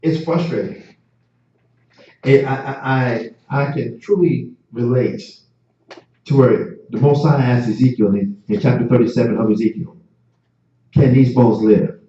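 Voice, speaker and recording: In a mellow, mid-range voice, a male teacher-preacher delivers a street-preaching style class sermon at a measured pace, pausing often. He is fervent and repetitive, with stammering restarts, and the lo-fi recording sounds distant, echoey, and dull.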